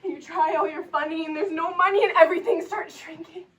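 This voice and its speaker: A young woman playing a haunted, pleading character in a theatrical stage monologue, her voice breaking into tears and shouts. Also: very high-pitched, steady tone, fast. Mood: bitter anguish. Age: young adult. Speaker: stage actor. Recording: distant live stage recording.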